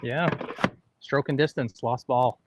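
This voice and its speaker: A man speaks casually while playing a round outdoors, calling his club and target before each shot. He is plain-spoken and gets mildly frustrated when things go wrong. His voice has a middle pitch. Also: fairly even intonation, slow pace, very noisy. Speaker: golfer and co-host. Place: outdoors on a golf course.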